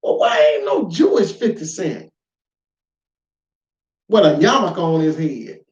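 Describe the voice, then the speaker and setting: A man giving an informal spoken lesson, emphatic and full of rhetorical questions, swinging between loud and quiet. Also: a little high, huge pitch swings, slow, far from the mic. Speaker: lecturer. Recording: echoey room, dull lo-fi sound.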